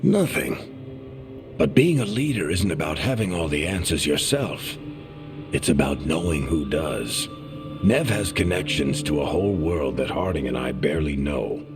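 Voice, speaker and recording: A wry male dwarf storyteller in a video game, dry and teasing yet fond toward his friend. The voice sits very low and moves through a lively, wide pitch range. His delivery is easy and conversational. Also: measured pace, over music. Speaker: companion character.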